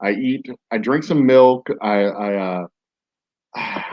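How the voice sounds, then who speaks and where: A man's voice: mid-range voice, slow, highs cut off. A man hosting a podcast, telling a story casually, rambling with many fillers and restarts. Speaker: podcast host.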